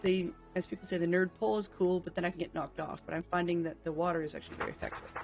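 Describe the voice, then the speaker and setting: High, gravelly man rambling through a game. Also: fairly even intonation, racing, over music. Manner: rambling, thinking aloud with frequent ums; dry, self-mocking humor. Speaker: video game livestreamer. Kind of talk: casual gameplay commentary.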